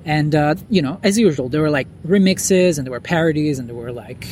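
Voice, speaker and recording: A man's voice: on the high side, a little fast, darkish tone, slight background noise. A man as a podcast guest, talking casually with lots of fillers and restarts, recorded outdoors on a lawn at night. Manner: rambling, many fillers and restarts. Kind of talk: casual interview chat.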